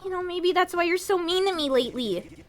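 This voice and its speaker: A woman's voice: extremely high pitch, a little fast, voice pushed up. A woman reading game dialogue aloud as a hurt, sensitive young woman who speaks in a wounded, accusing way.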